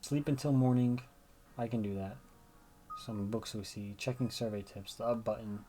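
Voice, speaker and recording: A man's voice: fairly low pitch, steady tone, normal speed, dark tone, slight background noise. A man giving chatty gameplay commentary, thinking aloud as he plays. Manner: chatty, thinks aloud, reads game dialogue. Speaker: gamer.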